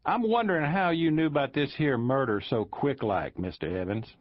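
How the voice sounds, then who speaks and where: A man's voice: mid-range voice, animated, dull audio, natural voice. A man voicing a shrewd old Southern small-town sheriff who plays dumb, with a thick Southern drawl. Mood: folksy sly. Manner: folksy, slow-witted act, sly.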